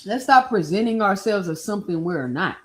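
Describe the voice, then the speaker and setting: A woman hosting a casual boxing livestream, talking in an opinionated, animated way and speaking straight to her chat. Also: medium pitch, brisk. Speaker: livestream boxing talk host.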